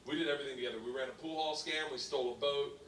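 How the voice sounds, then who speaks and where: A man's voice: medium pitch, steady tone, racing, noisy background. A man in his forties telling a rowdy stand-up story, laughing and bellowing his punchlines. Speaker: stand-up comedian. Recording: stand-up clip played back in an echoey room from far off.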